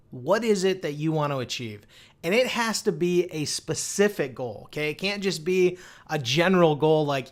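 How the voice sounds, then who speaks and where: A man with a fairly high voice coaches viewers on goal setting. He sounds upbeat and motivational, firing off rhetorical questions and stumbling over fillers as he goes. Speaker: online marketing coach. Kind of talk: direct-to-camera business advice.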